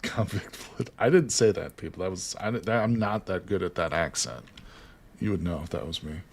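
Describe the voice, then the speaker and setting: A man with an American accent and a slightly low voice chats on a game live stream. He teases his viewers and his co-player, swearing casually as he jokes. His talk is loose and conversational. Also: lively intonation, a little fast, gravelly, a little hiss or hum. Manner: joking, teasing, swears casually.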